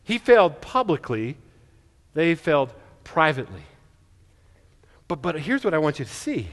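Brief: earnest male preacher, stammered restarts, high-set voice, long reverb of a large hall. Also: big pitch swings, normal speed. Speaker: pastor. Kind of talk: sermon.

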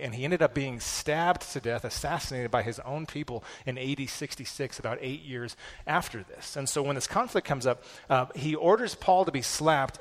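A pastor giving a sermon in a casual, conversational way, with self-deprecating personal stories. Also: male voice, mid-range voice, long reverb tail.

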